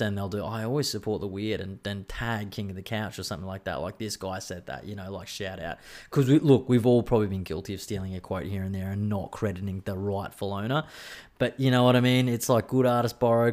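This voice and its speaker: Low-voiced Australian man, rambling and profane. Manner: rambling, profane, self-mocking banter. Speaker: podcast host. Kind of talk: casual solo podcast chat.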